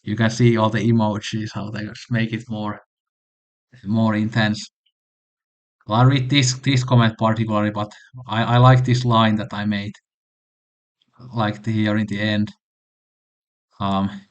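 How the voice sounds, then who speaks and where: A man's voice: lowish voice, little pitch movement, a little slow, long pauses. A man hosting a casual music recommendation vlog, talking enthusiastically and rambling with frequent restarts. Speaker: channel host.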